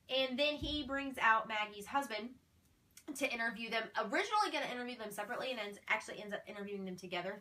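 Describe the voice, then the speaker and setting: A woman in casual commentary, recapping a TV episode in a chatty, animated way and acting out the quoted lines. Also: medium pitch. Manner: chatty and animated, retelling scenes with quoted dialogue. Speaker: video host recapping a TV episode.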